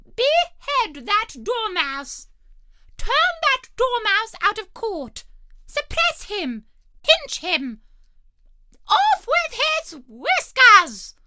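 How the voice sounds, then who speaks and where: A woman's voice: high voice, big pitch swings, a little slow, hardly any pauses, sharp tone, voice pushed up, full character voice. A woman voicing a bloodthirsty, imperious queen who screeches her orders, in a storybook reading. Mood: shrieking. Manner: screeching commands.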